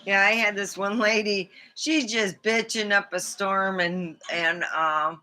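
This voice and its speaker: A woman hosting her own live stream from a small studio, swapping stories in a loose, chatty way. She talks bluntly and curses freely, with an animated delivery. Her voice has a bright, sharp edge. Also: mid-range voice, takes it slowly. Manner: salty, blunt, profane, animated. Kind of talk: casual storytelling monologue.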